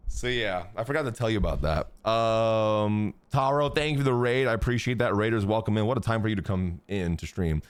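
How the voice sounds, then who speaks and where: A man's voice: lowish voice, fairly quick, few pauses, clean tone, no room sound. Guy streamer ranting to chat, swears a ton, voice jumps all over, dry close mic. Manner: animated, crude, swears a lot. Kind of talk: casual storytelling to chat.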